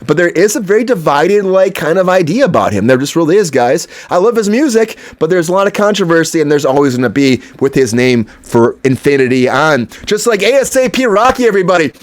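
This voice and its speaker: Guy doing celeb news chat, kinda high voice, lots of uh and you know, talks right at the viewers. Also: animated, a little fast, hardly any pauses. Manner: chatty, opinionated, lots of fillers and asides to viewers. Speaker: entertainment news host. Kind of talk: casual celebrity news commentary.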